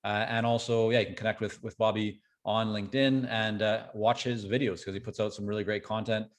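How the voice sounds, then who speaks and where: A Canadian man hosting an interview podcast, friendly and relaxed as he wraps up and points listeners to the show notes. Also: on the low side, fairly quick. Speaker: podcast host. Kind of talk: casual interview conversation.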